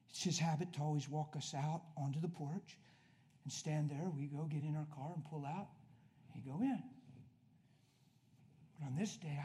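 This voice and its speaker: A man preaching a sermon to a room, telling a personal story and swinging from hushed, soft lines to loud emphatic ones. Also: on the high side. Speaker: pastor.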